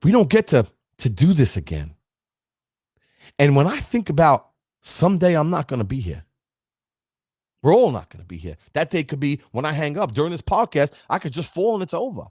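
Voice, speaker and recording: A man's voice: on the high side, sing-song, moderate pace, a little mellow, husky, no echo, clean studio sound. A man, giving an emphatic, preachy motivational talk as a podcast host and speaking straight to his listeners. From Brooklyn, New York. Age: 50s.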